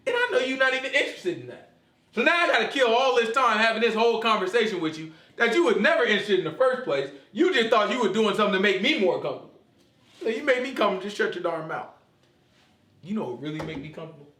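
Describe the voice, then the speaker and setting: A man in casual chat, animated and slangy, who keeps asking "you know what I'm saying?". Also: sits high, quick pace. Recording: roomy echo.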